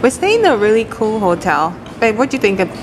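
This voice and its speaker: A woman's voice: mid-range voice, sing-song, fast talker. A young woman chatting upbeat to viewers in a casual travel vlog, filmed on a handheld camera outdoors. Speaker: vlogger. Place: outdoors on city streets. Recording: loud street noise and crowd.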